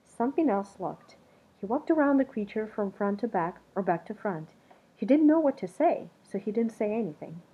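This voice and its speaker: A woman reading a children's storybook aloud in an expressive, storytelling manner. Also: medium pitch, moderate pace, slightly rough. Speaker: narrator. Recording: dull muffled recording.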